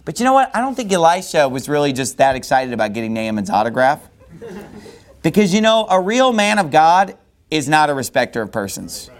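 A man's voice: a little high, very animated, fairly quick. A man preaching a sermon verse by verse in a loose, conversational way, often saying "you know.". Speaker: pastor. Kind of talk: expository sermon on a Bible passage.

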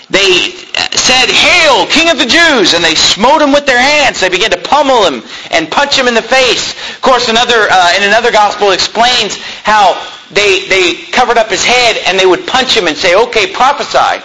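Animated, high-pitched male preacher. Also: moderate pace, rough recording. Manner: animated, impassioned, reads scripture aloud and acts out speakers. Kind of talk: sermon.

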